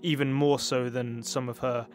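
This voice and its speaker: A man speaking as a media commentator, giving steady, informative explanations. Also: medium pitch, moderate pace, soft background music.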